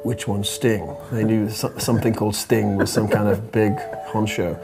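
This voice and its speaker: A man speaking as an interview guest, telling a reflective story in a halting way, often repeating words and laughing softly. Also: lowish voice, flat delivery, creaky, over music.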